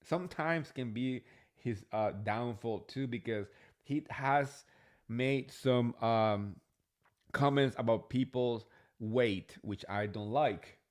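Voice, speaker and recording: Slow-talking chatty man recapping TV. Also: mid-range voice. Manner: chatty, gossipy, animated; frank, swears freely. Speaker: host. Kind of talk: casual reality TV recap.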